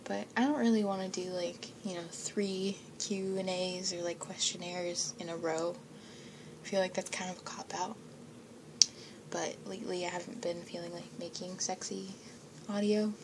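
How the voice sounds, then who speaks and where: Giggly woman rambling softly. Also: fairly low pitch, fairly even intonation, normal speed, pauses often, background noise. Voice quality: giggly, slips into whispers, swears. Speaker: audio creator. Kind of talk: casual chat, rambling.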